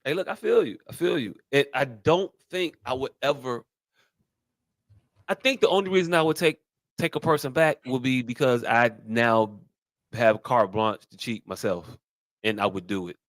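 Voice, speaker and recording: A man's voice: medium pitch, moderate pace, no echo, clean studio sound. Blunt profane man riffing. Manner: blunt, profane, stumbling restarts. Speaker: podcast co-host. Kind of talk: casual chat.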